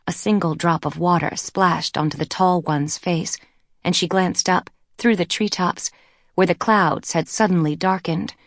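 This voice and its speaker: A woman narrating an audiobook novel in a measured, even storytelling manner. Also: on the low side, no echo, studio quality. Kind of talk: scripted narration.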